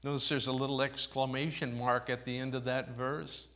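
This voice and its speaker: A man preaching a sermon, reading scripture in old-fashioned wording and swinging between soft, low phrases and raised, emphatic ones. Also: little pitch movement, moderate pace. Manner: reads scripture aloud in King James wording.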